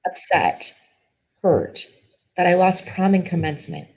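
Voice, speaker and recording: A woman's voice: lowish voice, measured pace, vocal fry, a little mellow, low-quality recording. A middle-aged woman guest telling a personal story in an earnest, emotional way, often restarting her sentences.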